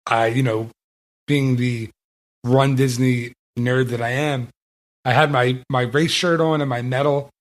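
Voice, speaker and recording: A man's voice: medium pitch, fairly even intonation, unhurried. An easygoing man hosting a casual podcast in an ordinary mid-range voice. He tells stories and pokes fun at himself. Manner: easygoing storyteller, self-deprecating. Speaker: podcast host.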